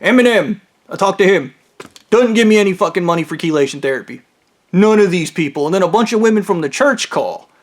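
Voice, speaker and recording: Rambling profane man with a high voice. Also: expressive. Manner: profane, rambling, rapid tangents. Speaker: storyteller. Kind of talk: rambling personal monologue.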